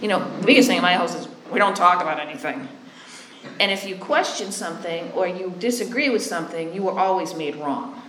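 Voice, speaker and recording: A woman's voice: fairly low pitch, a little fast, a bit bright. Woman in recovery circles, blunt, kinda sarcastic, roomy echo, faint hum behind. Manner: blunt, sarcastic, acts out both sides of conversations. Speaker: recovery sponsor and halfway house worker. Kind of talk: candid personal testimony.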